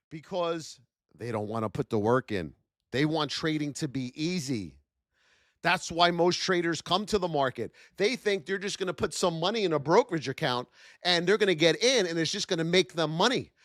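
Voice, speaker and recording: A man hosting a live-stream trading lesson, animated and full of rhetorical questions, shouting out his viewers. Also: fairly high pitch, moderate pace, dry recording, studio quality.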